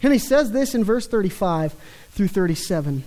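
An emphatic preacher walks a congregation through a passage of scripture in an expository sermon. The voice sits at a middling pitch, stressing points by repeating words and slowing down on key phrases. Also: very animated, mellow, rough recording.

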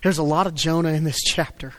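A man preaching a sermon, swinging between loud emphatic stresses and low quiet asides. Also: fairly even intonation, fast, dry recording. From United States. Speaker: pastor.

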